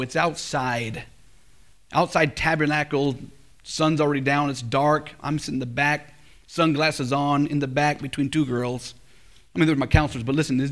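A middle-aged male pastor preaching a sermon at a college chapel, telling stories with big swings from loud to hushed. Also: a little high.

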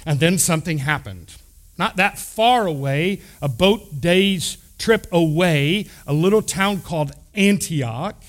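Middle-aged texas-born pastor, pretty high voice, animated storytelling sermon, chatty asides. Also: male voice, slow pace. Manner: animated, acts out quoted voices, conversational asides.

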